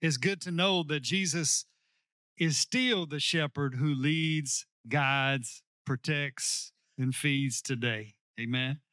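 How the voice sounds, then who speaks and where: A male pastor preaching a sermon, slowing down to stress key lines and calling on the congregation to repeat after him. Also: on the high side, bright, forceful tone, no echo, studio quality. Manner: preaching with call-and-response to the congregation.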